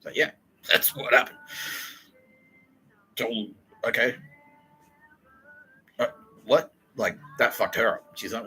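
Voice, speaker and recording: A man's voice: medium pitch, big pitch swings, moderate pace, pauses often, pushed and bright, slight background noise, low-quality recording. An Australian man hosting a podcast, telling a rambling comic story full of swearing and laughter. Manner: profane, laughing, digressive storytelling. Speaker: podcast host.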